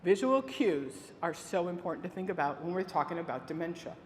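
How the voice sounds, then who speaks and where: A woman teaching families about dementia care, giving a presentation and telling lively stories with quoted voices. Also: on the low side, a little fast, a little hiss or hum. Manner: lively storytelling with acted quotes. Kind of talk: presentation to an audience. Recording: echoey hall with faint ambience.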